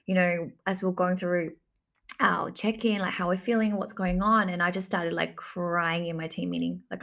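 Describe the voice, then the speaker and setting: A woman recounts a personal story in a slow, reflective way. Her voice sits low with a gravelly fry, and she often says "like" and repeats her phrases as she talks. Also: a bit bright. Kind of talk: personal story told to camera.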